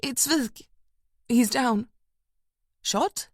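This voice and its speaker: A woman's voice: fairly high pitch, drawn-out words, dry recording, studio quality, voice pushed up. Woman doing a breathless, urgent woman detective. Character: tense woman police detective in a crisis.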